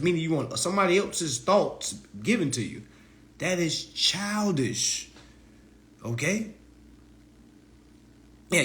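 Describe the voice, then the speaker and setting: An online teacher of legal self-help gives a casual livestreamed lecture. He talks in loose slang and often slips into high, mocking voices.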